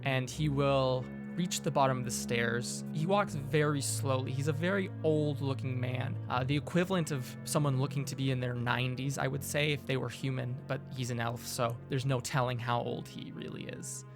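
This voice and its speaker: A man narrating a tabletop game as game master in a measured, descriptive way. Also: medium pitch, steady tone, music in the background.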